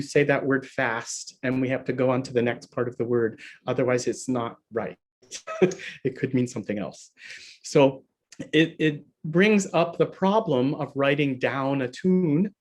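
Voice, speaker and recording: A man's voice: mid-range voice, normal speed. A man teaching a harp lesson over a video call, chatty and laughing often as he explains. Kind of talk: online workshop lesson.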